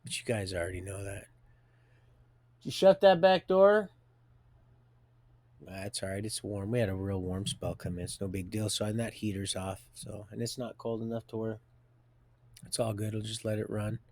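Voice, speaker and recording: A man's voice: fairly low pitch, little pitch movement, moderate pace, a little mellow, dry recording. A middle-aged man streaming live from home, telling a rambling personal story full of folksy asides and restarts. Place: home, with a door and heater nearby.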